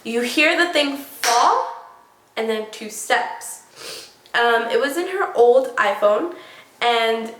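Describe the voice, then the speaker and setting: A young woman vlogger telling a story casually and excitably, full of "like" and "oh my gosh". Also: fairly high pitch, takes it slowly, slight background noise. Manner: excitable, many fillers like "like" and "oh my gosh". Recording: echoey room.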